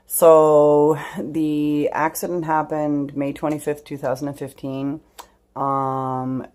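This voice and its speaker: A woman's voice: very deep voice, a little mellow. A middle-aged woman telling a story to her camera at home, rambling, with frequent ums and asides. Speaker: vlogger. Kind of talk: casual storytelling vlog.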